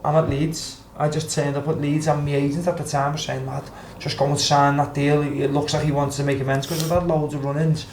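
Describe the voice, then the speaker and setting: A man's voice: a little high, flat delivery, fairly quick, hardly any pauses, darkish tone, slight background noise. A young man with a Scouse accent, a former footballer on a podcast, telling stories casually and acting out the quotes. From Liverpool, England. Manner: swears freely, acts out quotes. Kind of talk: casual storytelling. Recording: roomy with faint background ambience.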